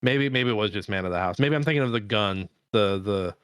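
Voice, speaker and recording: A man's voice: fairly low pitch, fairly quick, fairly bright tone, smooth, dry recording, studio quality. A man co-hosting a podcast, chatting casually about a movie, rambling with restarts and swearing freely. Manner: swears freely and laughs while talking; rambling, many restarts and fillers. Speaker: podcast co-host. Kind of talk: casual chat.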